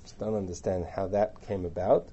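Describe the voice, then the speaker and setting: A man's voice: low-pitched, fairly even intonation, normal speed, warm tone, a little hiss or hum. Muffled man teaching from scripture. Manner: reads verses aloud and translates line by line; chatty asides and rhetorical questions. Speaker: Torah teacher. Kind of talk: lecture on a biblical text.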